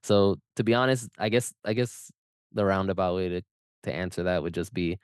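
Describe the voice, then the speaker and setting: A man guesting on a casual podcast answers at an even, considered pace. His low voice is smooth and resonant. The recording is close and dry. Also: normal speed, no echo. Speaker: podcast guest, fast-food worker.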